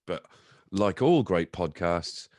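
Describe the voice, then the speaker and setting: A man hosting a podcast, chatting casually with blunt, sweary banter and animated storytelling. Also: sits low, takes it slowly, dry recording, clean studio sound. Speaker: podcast host. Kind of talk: casual chat.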